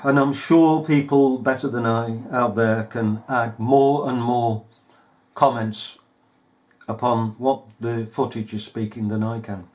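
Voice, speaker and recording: A man's voice: mid-range voice, fairly even intonation, takes it slowly, a little mellow. A man giving scornful, emphatic commentary over news footage, full of rhetorical questions. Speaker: video commentator.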